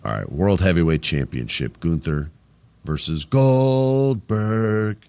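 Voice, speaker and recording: A man's voice: low voice, expressive, slow, a little mellow, smooth. A man hosting a wrestling podcast, joking around and laughing easily in casual banter. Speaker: podcast host. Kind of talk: casual chat.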